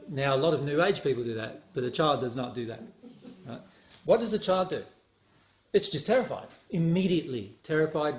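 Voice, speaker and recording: A man speaking as a spiritual teacher to an audience, asking them questions and acting out voices to make his points. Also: fairly high pitch. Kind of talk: talk to an audience. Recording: echoey room with faint noise.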